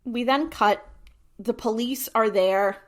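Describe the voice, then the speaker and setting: A woman with a slightly high voice co-hosts a podcast, taking her time as she casually recaps an episode. She retells it with animation, acting out the characters' lines and saying "like" a lot.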